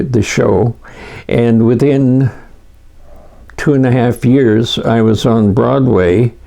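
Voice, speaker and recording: A man in his eighties, reminiscing in a documentary interview, telling stories unhurriedly with frequent pauses. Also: mid-range voice, vocal fry, warm tone. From Canada.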